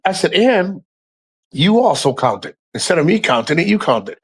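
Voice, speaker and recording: A man's voice: a little high, very animated, moderate pace, husky. A man hosting a casual livestream, talking frankly to his chat, swearing often and rambling through asides. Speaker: livestream host.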